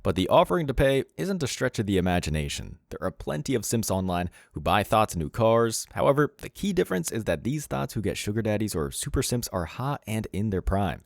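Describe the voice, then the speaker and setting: Man, low voice, gravelly, mocking scripted commentary, dry close sound. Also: sing-song, fairly quick, hardly any pauses, no room sound. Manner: mocking, derisive. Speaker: channel commentator.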